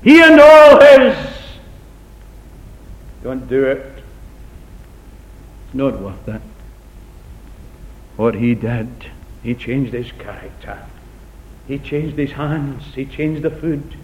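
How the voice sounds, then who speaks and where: A man's voice: slow, pauses often. Dramatic middle-aged male preacher, echoey hall. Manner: dramatic, swinging from loud appeals to hushed near-whispers; earnest, repeating key phrases for emphasis. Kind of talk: sermon. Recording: echoey, dull recording with low rumble.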